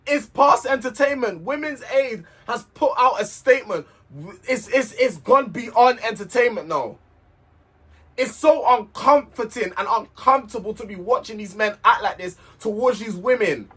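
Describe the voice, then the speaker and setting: A man's voice: very high-pitched, fairly bright tone, breathy edge. A man recapping a reality show in a casual, heated, sweary rant, repeating himself as he vents.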